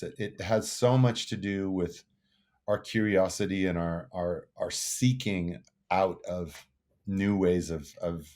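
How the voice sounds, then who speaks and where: A man's voice: sits low, a little mellow. A man in his sixties, a musician guest telling stories in an earnest, reflective way, often repeating words as he thinks. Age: 60s. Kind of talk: casual interview storytelling.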